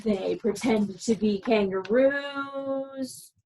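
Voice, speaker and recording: A woman librarian reading a picture book aloud to preschoolers, animated and playful, asking the children questions as she goes. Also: fairly high pitch, very slow, a little hiss or hum, low-quality recording.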